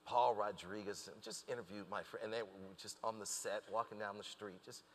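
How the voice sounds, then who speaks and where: A man's voice: lowish voice, fairly quick, long reverb tail. A man telling a story as a guest in a conversational interview, acting out the lines of the people he quotes. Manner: animated storyteller who acts out quoted dialogue.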